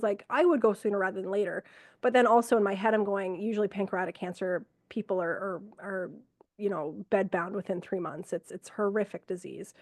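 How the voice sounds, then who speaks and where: A middle-aged woman, an ER nurse from Canada, telling stories from work in a lively conversational way, acting out what she and others said. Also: medium pitch, fairly quick, no room sound. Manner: animated, quotes herself and others, frequent fillers. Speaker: ER nurse, podcast guest. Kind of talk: conversational storytelling.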